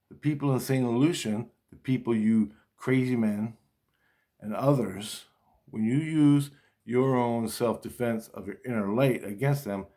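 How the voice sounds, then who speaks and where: A middle-aged man talks straight to his audience in a loose, rambling monologue. He curses freely, stumbles and restarts his sentences, and slips into quoted back-and-forth dialogue. His voice sits at an ordinary middle pitch. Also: mellow. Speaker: vlogger.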